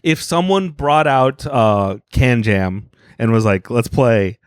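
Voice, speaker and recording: A man's voice: mid-range voice, slow, smooth, dry recording, studio quality. A man co-hosting a comedy podcast, telling rambling stories and acting out quotes, grumbling that he hates everything. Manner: rambling storyteller who acts out quotes; grumpy self-declared hater. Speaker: podcast co-host. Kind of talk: casual comedic chat.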